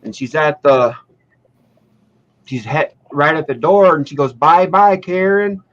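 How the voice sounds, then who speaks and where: A man's voice: fairly high pitch, unhurried. Man in his thirties, dull lo-fi audio. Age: 30s. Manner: rambling, profane, deadpan build-up. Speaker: storyteller. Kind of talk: casual chat, telling a joke as a true story. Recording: dull lo-fi sound.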